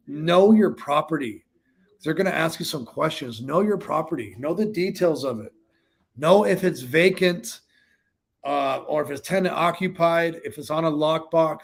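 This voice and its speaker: A man's voice: medium pitch, creaky. A man co-hosting a livestream, coaching viewers casually on sales calls and answering their questions in a conversational way. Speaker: co-host of a real estate sales livestream.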